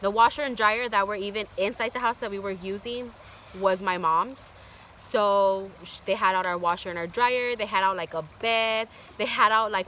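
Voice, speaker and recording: Bright-voiced young woman telling a story. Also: mid-range voice, slight background noise. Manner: chatty, filler-heavy with constant "like". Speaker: vlogger. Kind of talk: casual storytime.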